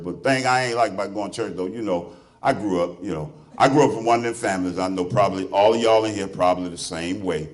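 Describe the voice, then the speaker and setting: A man with a Southern US accent doing a stand-up comedy set, loosely teasing the crowd and laughing along as he talks. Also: sits low. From Alabama. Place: club stage before a live audience.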